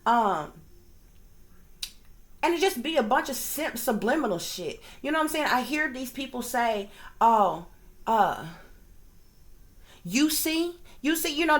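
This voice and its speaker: A woman's voice: a little high, expressive, normal speed, fairly bright tone. A woman, a psychic reader and video creator, ranting to her viewers in casual, profane speech, often checking in with her listeners. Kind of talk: casual direct-to-camera rant.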